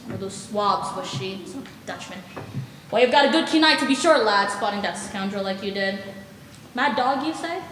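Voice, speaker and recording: A woman's voice: expressive, moderate pace, a bit bright, lightly acted. Brief: sly, blustering peg-leg pirate cook, played by a woman on a school stage, noisy room. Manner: gruff seafaring bluster, sweeping pitch. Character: one-legged male pirate cook, sly and jovial. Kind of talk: high school stage acting. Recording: echoey auditorium stage sound, noisy.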